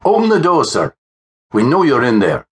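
A man voicing a stern Victorian police constable who speaks in a loud, commanding, formal way, in an audiobook. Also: lowish voice, expressive, fast, pitched above the performer's own voice. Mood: demanding.

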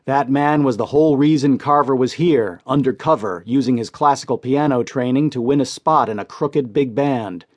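A man reads crime stories for an audiobook, steady and measured. His voice sits at an ordinary middle pitch for a man. The narration is scripted and even. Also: no echo, dull audio.

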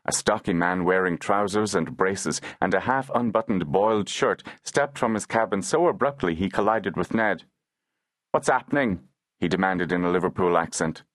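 Deep-voiced male audiobook narrator. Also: moderate pace, few pauses, no room sound.

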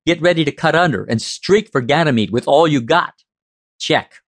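A man voicing a calm male space patrolman in an audiobook, speaking in a clipped, businesslike way. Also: fairly high pitch, normal speed, slightly rough, dry recording. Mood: steady. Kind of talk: audiobook character voice.

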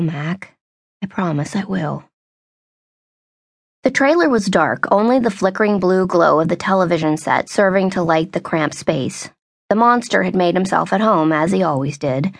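A woman narrating a young adult novel in a steady, measured storytelling voice. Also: on the low side, creaky, no room sound, clean studio sound. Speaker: audiobook narrator. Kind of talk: scripted narration.

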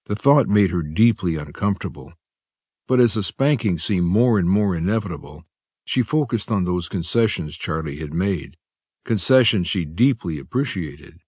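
A man narrating an audiobook in a measured, even storytelling manner on a studio microphone. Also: low-pitched, breathy edge, dry recording. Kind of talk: scripted narration.

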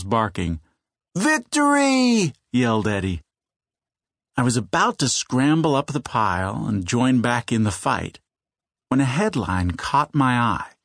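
A man reading a children's novel aloud in measured storytelling, slowing down for suspense. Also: medium pitch, no room sound, clean studio sound. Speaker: audiobook narrator. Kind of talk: scripted children's audiobook narration.

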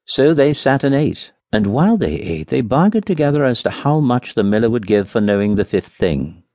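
Low-voiced, expressive male storyteller. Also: no room sound. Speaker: audiobook narrator. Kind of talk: scripted fairy-tale narration.

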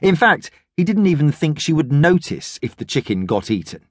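A male narrator tells a children's story with lively delivery. His voice sits slightly high and moves animatedly. The studio sound is dry and close. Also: normal speed, dry recording. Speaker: audiobook narrator.

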